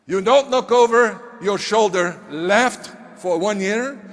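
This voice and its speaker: A man voicing a short, stern mentor who talks slowly and insistently in broken English, in a reverberant hall. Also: high voice.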